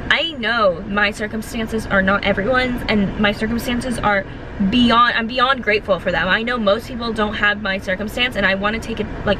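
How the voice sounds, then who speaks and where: A woman's voice: mid-range voice, background noise. A woman in her twenties vlogging in a casual, earnest way, full of filler words. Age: 20s. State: emotional, close to tears. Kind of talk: casual vlog chat.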